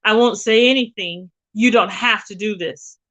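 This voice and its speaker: A woman's voice: mid-range voice, normal speed, a bit bright, muffled recording, natural voice. A woman reading aloud the lines of a frightened young woman held captive, pleading shakily to be let go. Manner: begging, shaky, desperate.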